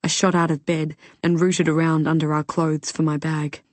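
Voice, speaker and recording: A woman narrating a first-person audiobook thriller with expressive storytelling. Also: low-pitched, normal speed, dry recording.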